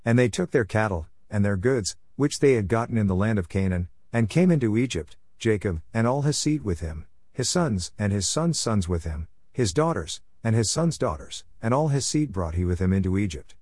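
A man reads scripture aloud in a steady, measured way. His voice sits fairly low, and the recording is dry and close. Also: no room sound. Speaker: scripture reader. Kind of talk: scripted Bible reading.

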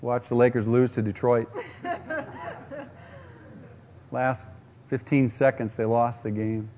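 A man's voice: mid-range voice, little pitch movement, slow, darkish tone, slight background noise. A man preaching a sermon, using rhetorical questions and acting out quotes. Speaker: pastor.

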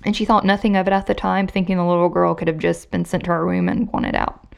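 A woman hosts a podcast, casually walking her co-host through a true crime case and putting emphasis on the quotes she reads. Her voice is fairly low, steady and creaky, and she talks fast.

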